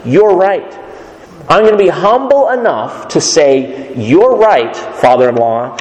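A man's voice: on the high side, big pitch swings, slow, a little mellow. A man voicing a humble leader who readily accepts advice, speaking earnestly. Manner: earnest, agreeable. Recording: echoey hall reverb.

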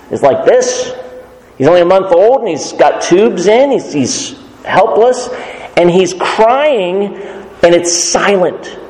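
Pastor, male, fairly high voice, earnest measured sermon delivery, church hall reverb. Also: darkish tone. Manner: earnest, measured preaching with scripture quotes.

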